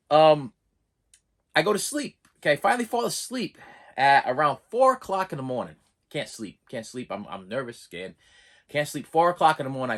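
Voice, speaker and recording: A young man telling a personal story in a casual vlog, animated and exasperated, often repeating and restarting words. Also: a little high. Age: young adult.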